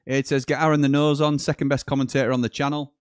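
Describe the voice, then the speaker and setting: A British man hosting a live football watchalong, reading viewer comments aloud and breaking into quick commentary on the match. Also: mid-range voice, little pitch movement, smooth, dry recording, studio quality. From Britain. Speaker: watchalong host.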